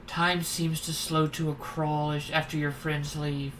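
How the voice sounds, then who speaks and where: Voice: mid-range voice, flat delivery, a little slow, fairly bright tone, a little hiss or hum, rough recording. A streamer reading the narration of a horror dating game aloud, with irreverent, wry comments between passages.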